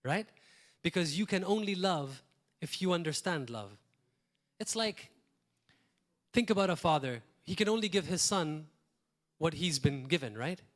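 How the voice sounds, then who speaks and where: A man from Malta preaches with earnest conviction, his voice sitting fairly high for a man. He swings between loud, emphatic lines and hushed asides, often pausing to ask his listeners a rhetorical question. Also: expressive. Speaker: pastor. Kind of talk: sermon. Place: church.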